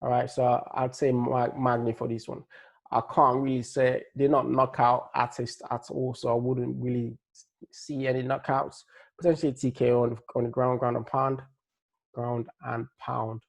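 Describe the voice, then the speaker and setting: A man's voice: medium pitch, flat delivery, moderate pace, vocal fry. A man giving a laid-back, rambling breakdown of upcoming fights, with a slight Nigerian-tinged accent and plenty of fillers and restarts. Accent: Nigerian-tinged English. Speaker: MMA fight analyst. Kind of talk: casual fight-prediction breakdown.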